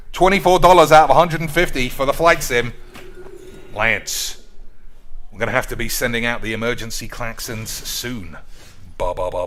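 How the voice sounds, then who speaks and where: A man commentating his card game stream in a crude, joking, excitable way. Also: medium pitch, slight background noise.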